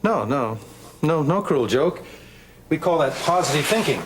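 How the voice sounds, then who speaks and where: An actor playing an easygoing physical therapist in a TV drama, speaking calmly. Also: male voice, on the high side, unhurried, very noisy. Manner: calm and easygoing. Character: easygoing, self-aware male physical therapist. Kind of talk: daytime TV drama acting.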